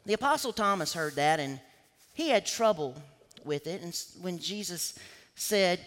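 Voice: mid-range voice, sing-song, normal speed, fairly bright tone. A preacher giving an emphatic sermon who acts out scripture quotes. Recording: long hall reverb.

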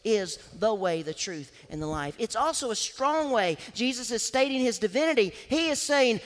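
Animated preacher in a reverberant hall. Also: mid-range voice, moderate pace, hardly any pauses. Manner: animated, emphatic, acts out scripture quotes. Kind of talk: sermon.

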